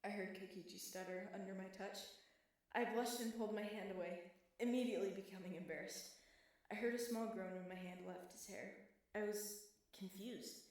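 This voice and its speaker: A woman's voice: medium pitch, brisk, darkish tone. Woman reading a story in an echoey room. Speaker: fanfiction reader. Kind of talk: first-person story narration. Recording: echoey room, distant mic.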